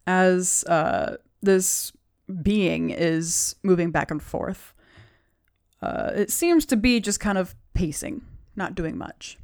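Woman game master, slightly low voice. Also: darkish tone. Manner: halting, with many ums. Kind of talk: narrating a tabletop game.

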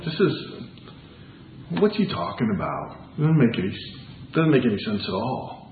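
Earnest pastor preaching in an echoey room. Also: male voice, mid-range voice, big pitch swings, moderate pace, a little hiss or hum. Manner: earnest, conversational, rhetorical questions. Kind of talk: sermon. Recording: echoey room, tinny phone-like sound.

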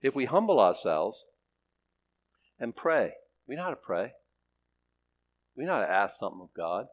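A man's voice: fairly low pitch, very animated, normal speed. A man preaching a conversational sermon, chatty and self-questioning, with playful asides to the congregation. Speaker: pastor.

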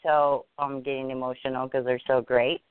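A woman podcast guest talking earnestly and upbeat about her plans, often halting and restarting. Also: extremely low pitch, little pitch movement, clean tone, dry recording. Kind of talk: casual interview. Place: home. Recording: dry, phone-like line.

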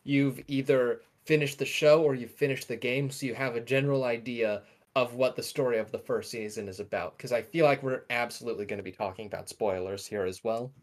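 On a casual podcast, a young male co-host talks fairly quickly in a medium-pitched, steady voice. He rambles eagerly, revising his words mid-sentence as he goes.

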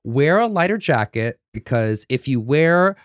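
A man co-hosting a casual podcast, telling stories in an animated, dramatic and sassy way. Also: mid-range voice, a little slow, no room sound, clean studio sound. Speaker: podcast co-host.

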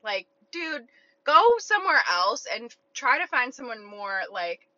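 Blunt, bright-voiced young woman. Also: a little high, big pitch swings, measured pace, dry recording. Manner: blunt, profane, filler-heavy. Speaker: online content creator. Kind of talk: casual storytelling. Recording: dull lo-fi recording.

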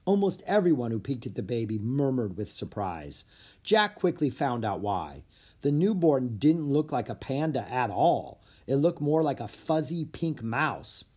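A narrator reading a children's chapter book aloud with expressive storytelling. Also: mid-range voice, unhurried, husky. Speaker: audiobook narrator.

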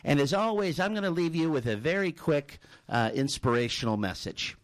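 Speaking at a normal speed with a fairly high, animated voice, this talk show host thanks his guest and rambles through a story, frequently repeating words.

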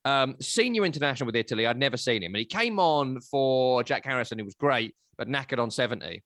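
A man, hosting a casual football analysis chat, chatty and animated. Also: medium pitch, quick pace, dry recording, clean studio sound. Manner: animated, chatty, breaks into silly voices. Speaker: football podcast host.

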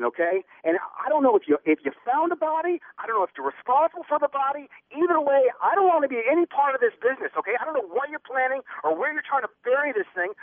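A man's voice: very high-pitched, no echo. A man on a phone call, stammering and flustered, getting more and more angry. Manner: stammering, flustered, escalating into anger. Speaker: prank call target. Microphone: telephone. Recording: tinny phone line.

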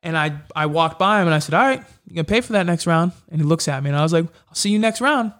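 A man's voice: on the high side, rapid-fire. A young man, a mixed martial arts fighter, telling fight stories in a casual interview and acting out the exchanges. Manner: animated, acts out quoted exchanges. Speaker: MMA fighter guest.

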